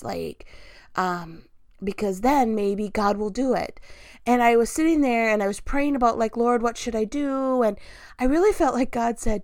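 A woman's voice: fairly high pitch, normal speed, no echo, clean studio sound. A woman giving an earnest, chatty devotional talk, full of fillers and direct questions to the listener. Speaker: Christian devotional speaker.

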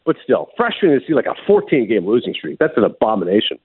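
A man hosting a sports radio show, telling stories in a lively, laughing way. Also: mid-range voice, quick pace, slightly rough, no echo. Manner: animated storyteller, laughs often. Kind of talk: casual sports talk. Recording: muffled phone-like broadcast sound.

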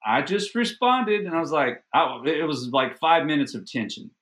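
A middle-aged man appears as a podcast guest, recounting a personal story in a casual, animated, self-deprecating manner and doubling up words when he gets excited. His voice sits in the mid-range and moves along fairly quickly.

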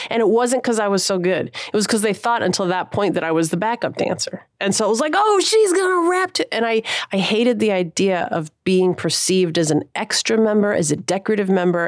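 A woman's voice: lowish voice, dry recording, clean studio sound. A woman musician in her thirties, talking casually and thoughtfully in an interview, using slang and laughing often. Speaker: musician guest.

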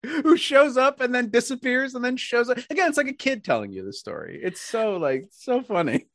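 An American podcast host chatting casually with a voice that leaps up and down, quick to laugh and full of restarts. The sound is close and dry, with no room around it. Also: mid-range voice, no room sound. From United States. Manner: animated, laughs often, trails off and restarts. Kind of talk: casual chat.

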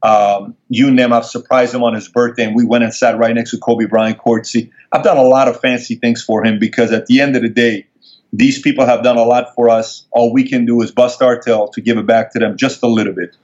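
A man's voice: medium pitch, little pitch movement, a little fast, darkish tone. Intense emphatic man telling stories. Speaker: guest. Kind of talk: emotional personal storytelling. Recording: dull lo-fi sound.

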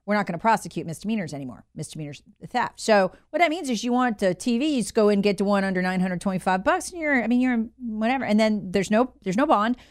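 A woman talk radio host delivering a heated, scornful monologue and mockingly imitating people. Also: mid-range voice. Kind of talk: opinionated talk show monologue.

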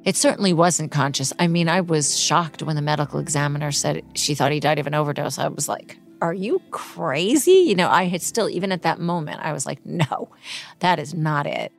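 A middle-aged woman giving an interview, retelling a painful personal story in a halting, emotional way with many restarts. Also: low-pitched, vocal fry, soft background music. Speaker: interview guest.

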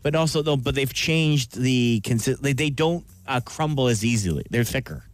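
A man's voice: mid-range voice, animated, normal speed. A man co-hosting a morning radio show, joking and teasing his co-hosts. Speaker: radio co-host.

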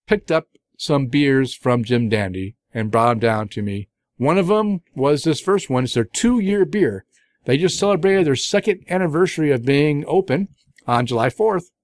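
This podcast host is a middle-aged man with a mid-range voice, recorded dry in a clean studio. He chats about the beers he's sampled with casual enthusiasm, wandering off track and filling gaps with fillers and false starts.

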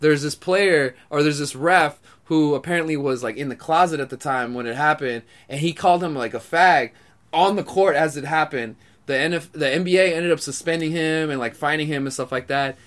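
A man's voice: on the high side, a little fast, fairly bright tone. A man in casual podcast chat, laid-back and rambling, with plenty of "like" and "um".

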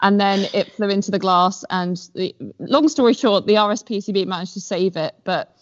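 A woman's voice: mid-range voice, normal speed. A woman guest on a podcast, telling stories in a rambling, self-deprecating way with many fillers. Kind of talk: casual chat. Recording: dull lo-fi sound.

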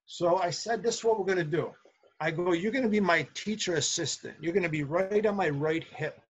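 Middle-aged male teacher, earnest storyteller, husky and higher-pitched. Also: a little fast, dull audio. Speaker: substitute teacher and guest. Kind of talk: casual storytelling interview.

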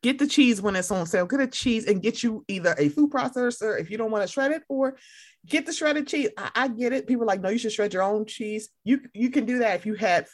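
A young woman co-hosting a casual chat, animated and swearing, acting out other people in loud high voices. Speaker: podcast co-host.

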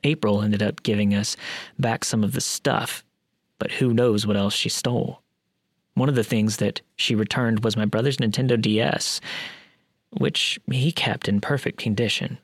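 A man's voice: fairly low pitch, steady tone, moderate pace, breathy edge, no echo, clean studio sound. A man narrating a true creepy story in a wry, blunt way with casual swearing.

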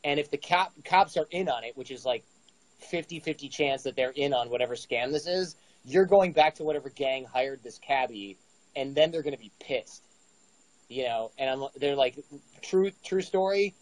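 A man's voice: mid-range voice, moderate pace, no echo, poor audio. Man telling a story in a dry, close recording. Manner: animated, acts out dialogue. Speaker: guest storyteller. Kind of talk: casual storytelling.

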